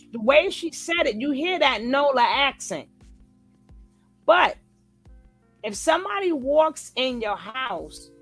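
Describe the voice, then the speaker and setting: Her voice sits high and has vocal fry. Reacting casually on a live stream, she reads the chat, answers it, and animatedly acts out quoted lines, repeating them in different voices.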